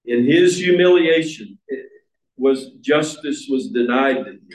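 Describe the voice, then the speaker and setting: A man preaching a sermon, slow and emphatic, repeating words for stress. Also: mid-range voice, animated. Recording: echoey room.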